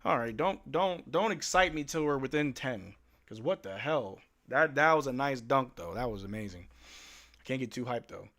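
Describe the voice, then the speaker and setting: Young male fan streamer, bright, forward voice, emotional live play-by-play with chat banter. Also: mid-range voice, animated, moderate pace. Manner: emotional, calls plays while chatting with viewers. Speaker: fan streamer hosting a game watch-along.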